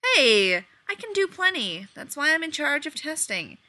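A woman's voice: high-pitched, very animated, measured pace, sharp tone, pitched above the performer's own voice, heavily acted. Woman reading as a laid-back teasing man elf. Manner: easygoing, teasing.

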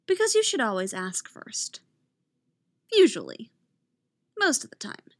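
A woman reading a story, voicing a quiet, guarded young woman who asks short, direct questions. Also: a little high, sing-song, a little slow, no echo, heavily acted. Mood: pressing.

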